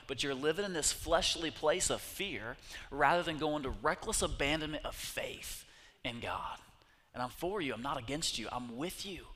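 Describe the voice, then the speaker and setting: A man preaching a sermon, telling scripture stories with lively acted-out voices. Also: a little high, in a large hall. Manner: animated storytelling, acting out voices of God and people. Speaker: pastor. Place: church sanctuary.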